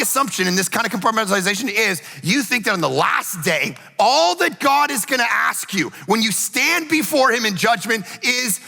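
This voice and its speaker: High-voiced pastor guy preaching, gravelly edge, bright tone, long hall echo. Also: moderate pace, hardly any pauses. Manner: animated storytelling, rising to shouts. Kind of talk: sermon. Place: church auditorium.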